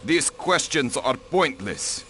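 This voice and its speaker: A man's voice: mid-range voice, expressive, takes it slowly, pushed and bright, slight background noise. A man voicing a haughty, protective aristocratic diplomat in a mystery game. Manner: haughty, clipped and dismissive. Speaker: count and diplomat. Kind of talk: video game voice acting.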